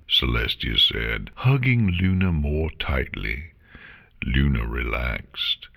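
Male narrator, very low voice, expressive melody, measured storytelling. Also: creaky. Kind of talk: fan fiction reading.

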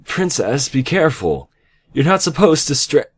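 A man's voice: on the high side, sing-song, moderate pace, voice pushed up. A man voicing an anxious male pony nurse who pleads in alarm.

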